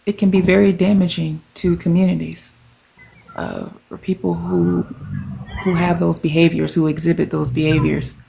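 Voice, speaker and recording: A livestream guest speaks slowly and deliberately, filling pauses with ums. The voice is deeply gravelly and husky, and it stays flat in pitch. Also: rough recording. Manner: measured and deliberate, with frequent ums. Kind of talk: casual discussion.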